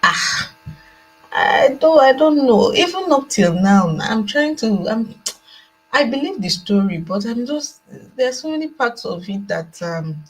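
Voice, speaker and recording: A woman's voice: a little high, sing-song, a little slow, slightly rough, poor audio. A Nigerian woman speaking earnestly on a video call from home at night, repeating herself as she works through her thoughts, with a laptop fan running. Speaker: guest joining by video call. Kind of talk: call-in discussion.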